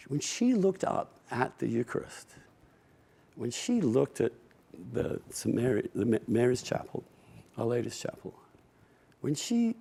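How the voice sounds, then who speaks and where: A middle-aged man tells personal stories at a public talk. His voice is gravelly and mellow. He speaks in a wry, unhurried way, laughing softly and often restarting his sentences. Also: medium pitch. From England. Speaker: guest speaker at a public conversation. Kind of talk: reflective personal storytelling.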